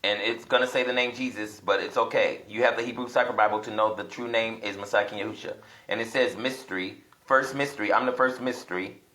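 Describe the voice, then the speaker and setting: A man's voice: on the low side, steady tone, brisk, hardly any pauses, pushed and bright, roomy sound. A man teaching casually from home as he looks through apps, thinking aloud in a rambling way and growing emphatic. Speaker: self-styled religious teacher. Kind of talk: casual video teaching while browsing apps.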